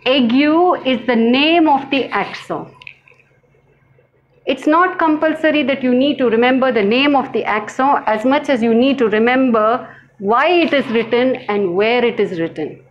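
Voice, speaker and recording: A woman teaching a language lesson, speaking slowly and carefully, repeating each word for her learners. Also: high voice, lo-fi sound, a little hiss or hum. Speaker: French teacher. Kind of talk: slow classroom lesson.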